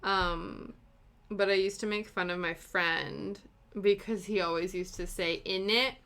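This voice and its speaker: A young woman from Britain hosts a relaxed cross-stitch live stream, her British accent softened by long years in Canada. Her lowish voice is clean in tone, bright, and sunny. She rambles chattily, full of fillers and quick laughs.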